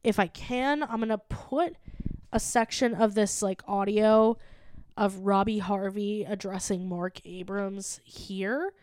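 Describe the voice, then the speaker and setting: A woman's voice: medium pitch, fairly even intonation, slow pace, a little mellow, smooth, no room sound. A woman co-hosting a comedy podcast, chatty, with frequent "like" and laughter. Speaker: podcast co-host. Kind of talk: casual comedic chat.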